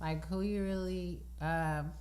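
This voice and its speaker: A woman co-hosting a casual podcast chat, talking reflectively and trailing off softly. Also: fairly low pitch, steady tone, slow pace. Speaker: podcast co-host.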